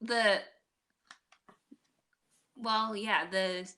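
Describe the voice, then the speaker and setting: A woman's voice: mid-range voice, steady tone, very slow, sharp tone. A woman co-hosting a podcast, recapping a tabletop game session in rambling casual chat with lots of fillers and laughs. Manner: rambling, many fillers and restarts, laughing often. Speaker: podcast co-host and game master.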